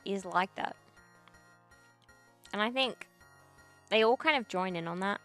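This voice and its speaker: A woman's voice: mid-range voice, unhurried, pauses often, fairly bright tone, faint music behind. Blunt, swearing young woman streamer. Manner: blunt, heavy swearing, slangy "bro". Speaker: streamer reading chat. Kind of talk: casual ranting chat.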